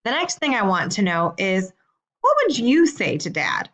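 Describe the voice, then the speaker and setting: A woman teacher reading out homework questions in a slow, clear, deliberate way. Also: mid-range voice, big pitch swings, a bit bright. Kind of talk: recorded assignment instructions.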